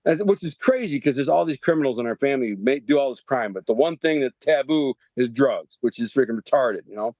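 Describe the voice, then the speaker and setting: Rambling, animated middle-aged man. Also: mid-range voice, brisk, few pauses, dry recording, highs cut off. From Detroit, Michigan. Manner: animated, rambling storyteller with frequent restarts. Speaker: podcast guest. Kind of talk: storytelling interview.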